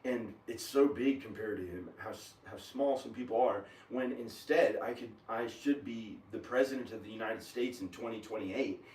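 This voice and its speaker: A man at home in his kitchen, rambling in an agitated, meandering monologue with frequent pauses and fillers. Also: fairly low pitch, darkish tone, a little hiss or hum. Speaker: video maker. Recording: echoey room, camera far from the mouth.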